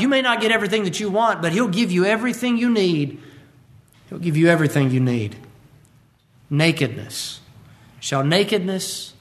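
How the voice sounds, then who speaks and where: A man's voice: a little high, a bit bright. A man preaching a sermon, emphatic and repeating his key lines as he quotes scripture.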